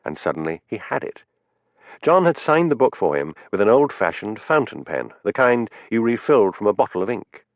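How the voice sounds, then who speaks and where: A man narrating a mystery audiobook in a steady, expressive way. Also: fairly low pitch, moderate pace, dry recording, dull audio. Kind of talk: scripted narration.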